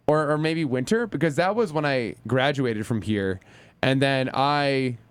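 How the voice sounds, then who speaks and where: A man co-hosting a college radio show, chatting in an excitable way and often trailing off into asides. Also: medium pitch, unhurried, clear, resonant tone, no room sound. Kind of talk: casual radio chat.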